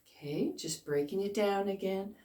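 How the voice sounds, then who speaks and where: A woman's voice: mid-range voice, normal speed, warm tone, soft background music. A woman in her fifties teaching a beginner ukulele lesson, encouraging and counting along with her students. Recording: echoey room, faint noise.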